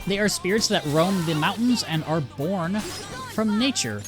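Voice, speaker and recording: A man's voice: fairly high pitch, expressive, takes it slowly. A man giving casual let's-play commentary, chatty and rambling, often cutting himself off and laughing. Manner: chatty, rambling, self-interrupting, laughs easily. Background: game music.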